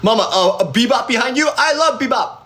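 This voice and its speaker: A man's voice: very high-pitched, expressive, fairly quick, a bit bright, a little hiss or hum. A young man, an independent artist, chatting casually on a phone live stream, rambling with lots of fillers and acting out both sides of his stories. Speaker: independent artist livestreaming to fans. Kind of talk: casual livestream chat.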